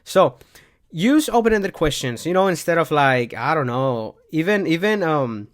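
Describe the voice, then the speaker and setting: Animated man giving casual life advice. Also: a little slow. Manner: animated, repeats himself, shifts pitch and volume often. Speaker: self-help vlogger.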